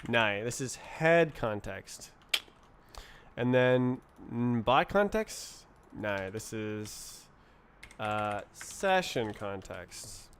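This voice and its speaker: A man's voice: on the low side, expressive, drawn-out words, fairly bright tone, clean tone. A man streaming live while he programs, muttering to himself and tossing in playful nonsense words. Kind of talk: thinking aloud while programming.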